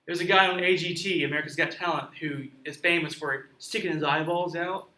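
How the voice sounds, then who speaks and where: A man's voice: on the high side, fairly even intonation, a little fast, sharp tone. A man reading a story aloud and explaining it in a chatty classroom way, often asking his listeners questions. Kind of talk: classroom read-aloud with commentary. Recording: roomy echo, mic at a distance.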